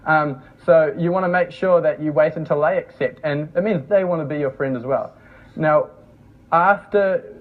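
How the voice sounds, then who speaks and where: A young man giving a casual, joking workshop talk to a room, on a dull lo-fi recording. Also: on the high side. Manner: chatty, joking, laughs often. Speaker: workshop presenter.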